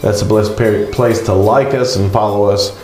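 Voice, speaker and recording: A man co-hosting a local community news show in a relaxed, chatty way with many fillers, and he is losing his voice. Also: lowish voice, moderate pace. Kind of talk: casual live show chat. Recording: roomy echo.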